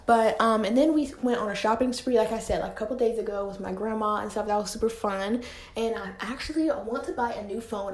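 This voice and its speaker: In a reverberant room at home, a teenage podcast host talks casually on her own, full of filler words and slightly breathless. Her voice is medium in pitch with a darkish tone.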